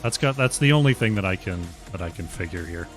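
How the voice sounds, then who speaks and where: A man casting an esports match play-by-play in a measured way, with his voice often dropping quietly at the ends of his phrases. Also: low voice, animated, faint music behind. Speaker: esports caster.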